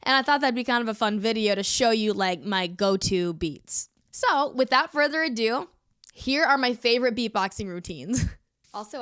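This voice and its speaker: A woman's voice: fairly high pitch, fairly bright tone, no echo, clean studio sound. Chatty young woman getting over a cold. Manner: chatty, giggly, lots of "like" fillers. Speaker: beatboxer and YouTuber. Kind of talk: casual vlog chat.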